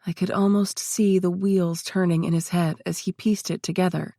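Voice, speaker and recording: Woman, audiobook narrator, first-person, steady, lowish pitch, dry close sound. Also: moderate pace, few pauses, no echo.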